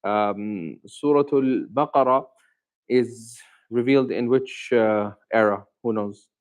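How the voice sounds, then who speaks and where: Man as a religious teacher leading a class, asks questions, repeats key terms slowly. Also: medium pitch, clean tone, poor audio. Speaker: Islamic teacher. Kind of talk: classroom Quran lesson.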